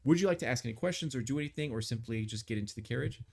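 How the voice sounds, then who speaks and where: A man runs a tabletop game on a live stream and narrates the scene as game master. He rambles with many fillers, at an ordinary middle pitch. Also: racing, gravelly, a little mellow.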